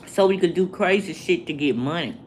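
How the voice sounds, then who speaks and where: A woman, talking to her livestream viewers in a slow, preachy way and asking the same rhetorical questions over and over. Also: fairly low pitch, expressive, darkish tone, a little hiss or hum. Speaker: vlogger. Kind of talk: casual livestream rant.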